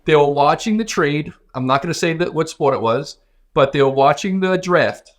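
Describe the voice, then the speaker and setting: A man with a higher-than-average, animated voice co-hosts a podcast, chatting casually at a normal speed. He rambles, restarting often and filling gaps with fillers.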